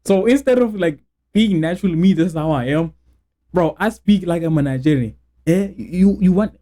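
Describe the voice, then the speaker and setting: High, lively young man. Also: moderate pace. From South Africa. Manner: rambling, slangy, exclaims often. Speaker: reaction video host. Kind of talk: casual reaction commentary.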